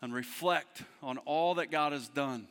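Emotional pastor preaching in a reverberant hall. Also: male voice, on the high side, a little slow, smooth. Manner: emotional, fervent preaching with swings from hushed to loud. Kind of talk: sermon. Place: church service in a theater.

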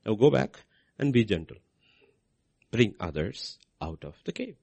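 Man, preacher, sermon, rhetorical questions, raspy, gravelly. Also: lowish voice, sing-song, measured pace, a little mellow.

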